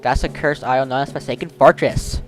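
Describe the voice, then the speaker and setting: A man voicing a bossy young female pirate captain in a video game, giving orders in a brisk way. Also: medium pitch, fairly even intonation, pitched above the performer's own voice, close to an everyday voice. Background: game music.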